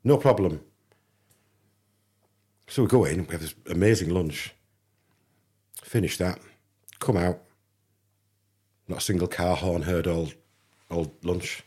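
English male guest, low and husky, chatty anecdote teller voicing the other people. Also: slow, pauses often. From England. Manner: animated anecdote teller, acts out dialogue. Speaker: podcast guest. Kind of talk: casual storytelling.

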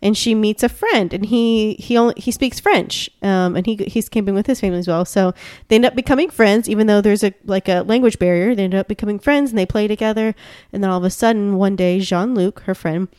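A woman's voice: medium pitch, fairly quick, a little mellow, clean tone, no room sound, studio quality. A woman co-hosting a casual chat show, gushing and chatty with lots of fillers and restarts.

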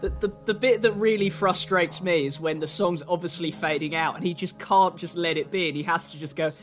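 A man's voice: a little high, a little fast, a bit bright. A man co-hosting a laid-back, jokey music podcast. He talks in a playful way and slips into hammy showman announcements. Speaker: podcast co-host. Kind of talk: casual comedic chat about songs.

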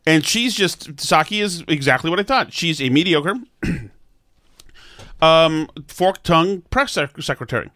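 Blunt man with a higher voice. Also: expressive, a little slow, sharp tone, dry recording, clean studio sound. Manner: blunt, sarcastic, with stammered restarts. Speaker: political talk host. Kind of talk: opinionated political commentary.

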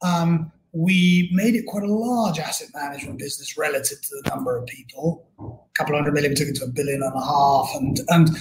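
A man's voice: a little high, brisk. Rambling, self-deprecating middle-aged man. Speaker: guest. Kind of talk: casual storytelling interview.

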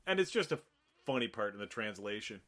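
A man co-hosting a casual movie podcast, animated and profane, cracking dark jokes. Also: lowish voice, brisk. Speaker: podcast co-host.

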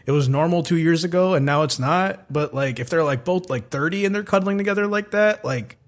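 A man's voice: on the high side, brisk. A man co-hosting a casual group chat about anime, rambling with lots of fillers and laughing often. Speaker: podcast co-host.

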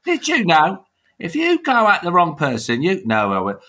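A man's voice: sits high, wildly swooping pitch, moderate pace, pushed and bright, pitched above the performer's own voice, exaggerated voice. A man putting on a swaggering tough-guy geezer voice for a talking wart in a school video skit. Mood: cocky. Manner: gruff tough-guy bravado.

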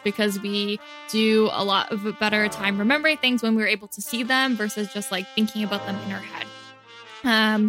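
Female podcast co-host, chatty explainer, bright tone, faint music bed. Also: medium pitch. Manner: explains at length, loose and chatty. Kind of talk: casual podcast chat.

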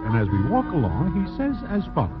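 An actor playing a wry, street-smart Broadway gambler, narrating in a dry, deadpan way in 1940s radio drama. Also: male voice, a little high, fast. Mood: dry narration. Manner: dry, deadpan, present-tense storyteller. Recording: tinny old radio recording with music.

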